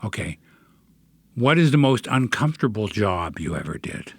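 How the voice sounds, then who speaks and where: A man's voice: on the low side, very animated, moderate pace, gravelly, husky, dry recording. A middle-aged man hosting a podcast, musing in a reflective, self-deprecating way during casual chat. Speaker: podcast host.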